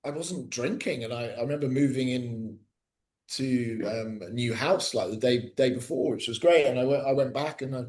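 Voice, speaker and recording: A middle-aged man, a podcast guest, speaking casually with many pauses, fillers and restarts. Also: mid-range voice, darkish tone. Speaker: guest, cricket coach.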